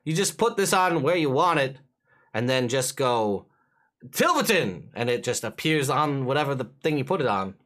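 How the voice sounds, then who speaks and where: A man voicing a boisterous male shopkeeper in a tabletop game, talking loudly and selling hard. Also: mid-range voice, sing-song, normal speed. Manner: loud and boisterous.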